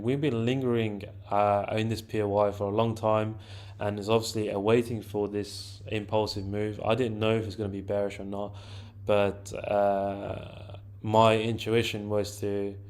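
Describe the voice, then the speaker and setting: Flat low-voiced man explaining trades. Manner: informal, chatty, often restarts and says "to be fair". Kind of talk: casual screen-share trading walkthrough.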